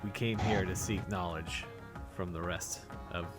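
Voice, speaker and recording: Low-voiced man playing a tabletop game. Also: steady tone, a little slow, over music. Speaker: player.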